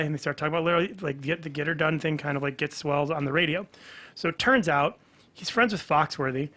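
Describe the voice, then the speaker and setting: Animated man telling a story. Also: on the high side. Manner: animated storyteller, acts out quoted dialogue. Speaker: comedian guest. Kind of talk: casual podcast chat, storytelling.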